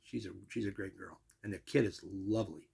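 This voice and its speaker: A man's voice: low voice, fairly quick, warm tone. An older man telling a long personal story in a rambling, casual way, full of asides and restarts. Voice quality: gravelly, husky.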